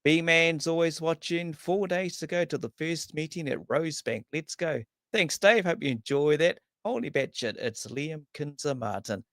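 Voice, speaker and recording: A man's voice: a little high, animated, normal speed, hardly any pauses, fairly bright tone, no room sound, studio quality. A man hosting a casual speedway chat show, upbeat and jokey, rattling off greetings to viewers. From New Zealand. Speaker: podcast host. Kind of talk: casual chat with live viewer shout-outs.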